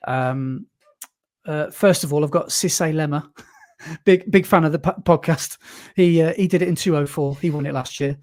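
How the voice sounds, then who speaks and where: A man from the UK talks casually on a podcast, rambling with fillers and quick restarts. His voice sits a little high for a man. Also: darkish tone. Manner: chatty, enthusiastic, many fillers and restarts. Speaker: podcast co-host. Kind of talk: casual chat.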